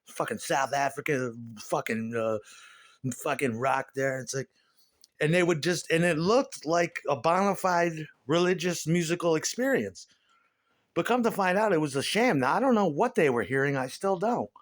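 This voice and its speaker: A middle-aged man doing a profane, animated stand-up rant about his past. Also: on the high side, moderate pace. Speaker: comedian.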